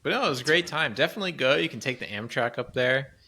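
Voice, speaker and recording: A man's voice: medium pitch, lively intonation, quick pace, bright, forceful tone, breathy edge. A man co-hosting a podcast, telling a rambling travel story in casual chat, laughing often. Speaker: podcast co-host.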